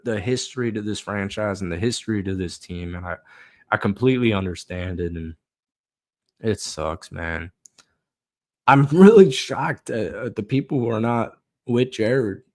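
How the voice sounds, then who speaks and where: Man in a casual, profane football rant. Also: medium pitch. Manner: frustrated, swearing, laughing, rises to shouting at the TV. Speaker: football podcast host.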